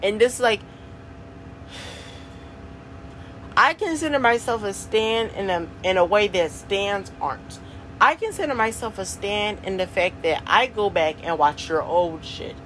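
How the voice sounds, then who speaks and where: A woman's voice: medium pitch, animated, a little slow, pauses often, a bit bright. Young woman, solo podcast host, slangy casual chat, frequent laughs, faint background noise. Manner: chatty, laughs often, slangy.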